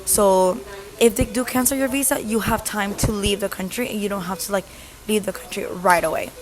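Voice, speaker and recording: A woman in her twenties from the US telling a story in a chatty, animated vlog with lots of fillers. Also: medium pitch, brisk. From United States. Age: 20s. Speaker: vlogger.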